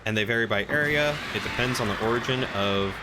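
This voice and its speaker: A man's voice: mid-range voice, a little fast, loud music behind the voice. Chatty male game streamer. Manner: chatty, jokey, puts on a folksy drawl at times. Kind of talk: casual game commentary.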